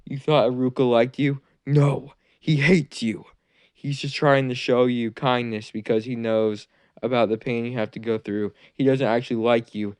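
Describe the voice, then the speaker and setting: A man's voice: medium pitch, steady tone, normal speed, clean tone, no echo, close to an everyday voice. A man voicing a scheming, treacherous male ninja teacher who taunts and gloats, in a fan-made anime story. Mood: taunting.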